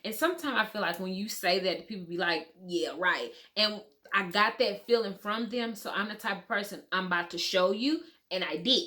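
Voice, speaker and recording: A woman vlogger telling her personal story at home in a casual, animated way, talking straight to her viewers and swearing now and then. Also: mid-range voice, moderate pace, few pauses.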